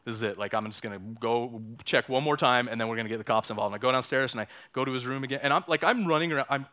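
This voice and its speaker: Casual, repetitive pastor preaching. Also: male voice, mid-range voice, racing, bright, forceful tone. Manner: conversational, repeats words, frequent "right?". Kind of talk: sermon with personal story.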